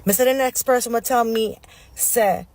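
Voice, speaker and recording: A woman's voice: on the high side, steady tone, normal speed, darkish tone. A woman with a Jamaican accent in a heated, profane rant in patois. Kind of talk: social media clip.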